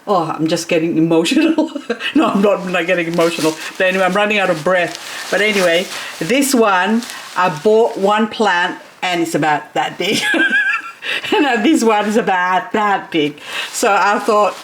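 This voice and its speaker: A woman vlogger chatting casually through a plant unboxing, gushing with excited gasps and exclamations. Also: fairly low pitch. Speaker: succulent vlogger.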